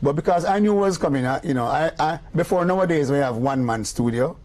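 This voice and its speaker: A man's voice: on the high side, fast talker. An older man with a Jamaican accent, a music producer telling stories in an interview, slipping into patois and acting out the people he quotes. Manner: animated storyteller who slips into patois and acts out the people he quotes. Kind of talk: storytelling in a casual interview.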